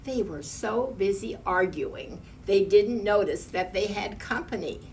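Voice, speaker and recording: Woman reading a kids' picture book slow, kinda far from the mic, faint hum. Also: medium pitch, expressive. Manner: gentle, pointing out pictures. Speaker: storyteller.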